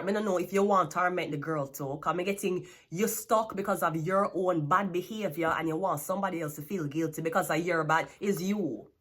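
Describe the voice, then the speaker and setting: A woman's voice: fairly low pitch, a bit bright. A Jamaican woman giving a tarot reading, blunt and scolding, with plenty of swearing. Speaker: tarot card reader.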